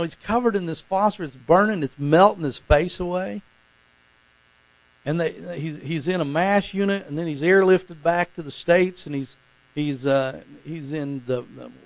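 Gravelly-voiced preacher man telling stories. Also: on the high side, no room sound, rough recording. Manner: rambling, repeats words, rising to fervent emphasis. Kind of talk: sermon storytelling.

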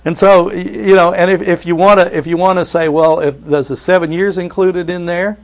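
A man preaching an earnest sermon as pastor, stumbling over and repeating words as he rises and drops sharply in pitch and loudness. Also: fairly even intonation, normal speed.

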